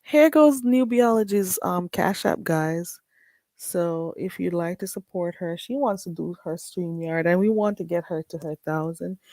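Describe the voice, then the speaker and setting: A woman's voice: lowish voice, measured pace, darkish tone, no room sound. A woman with a Caribbean accent, chatting bluntly and casually with viewers as a livestream host. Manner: blunt, chatty, frequent laughs. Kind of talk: casual live-stream chat.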